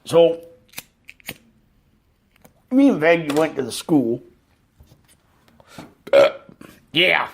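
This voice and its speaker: A self-righteous middle-aged rock-star father rambles slowly through his stories, as a man puts on the impression. His voice is husky and drawling, and it rises and falls widely. He talks unhurriedly, full of pauses and bluster. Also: fairly high pitch, big pitch swings, exaggerated voice. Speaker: podcast host. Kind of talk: comedic impression monologue.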